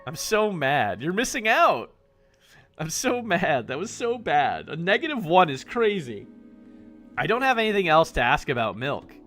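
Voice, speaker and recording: A male streamer reads a game aloud and reacts to it, cursing when rolls go badly. His voice sits high and bright, and his pitch rises and falls a lot. Faint game music plays underneath. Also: moderate pace. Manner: animated, swears at bad rolls. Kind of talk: reading game text and reacting live.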